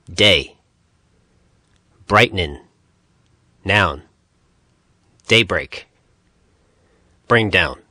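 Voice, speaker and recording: Male audiobook narrator, low voice, short measured phrases, bright timbre. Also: no echo, studio quality. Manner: reads dictionary entries in short, measured phrases.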